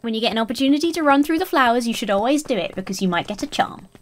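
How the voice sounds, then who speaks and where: A woman's voice: a little high, expressive, racing. A woman playing a story game, chatting casually and emotionally, often giggling, and reading lines aloud. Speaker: let's play streamer. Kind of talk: casual let's play commentary, reading character lines aloud. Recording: game music playing underneath.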